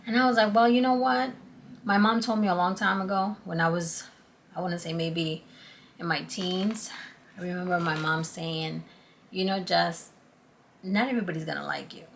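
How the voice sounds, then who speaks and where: A woman's voice: fairly low pitch, fairly even intonation, moderate pace, gravelly, slight background noise. A middle-aged woman chatting earnestly to her channel's viewers, acting out past conversations as she goes. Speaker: YouTube channel host. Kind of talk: casual talk to camera.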